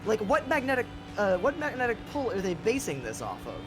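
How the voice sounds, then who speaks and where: A man's voice: sits high, wildly swooping pitch, a little fast, music in the background. A man chatting casually and rambling as he streams a racing game, laughing often. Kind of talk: casual gaming chat.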